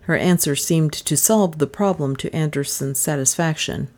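Woman narrator, low voice, mellow and even. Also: normal speed. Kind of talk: audiobook narration.

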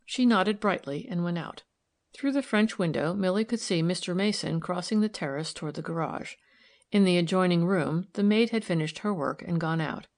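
A woman with a fairly low voice reads a novel aloud as an audiobook reader. Her scripted narration is steady and measured.

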